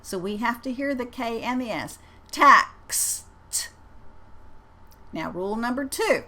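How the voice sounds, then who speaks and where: A woman teaching English pronunciation, saying each practice word slowly and distinctly and repeating it twice. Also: a little high, expressive. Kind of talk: slow, deliberate pronunciation lesson.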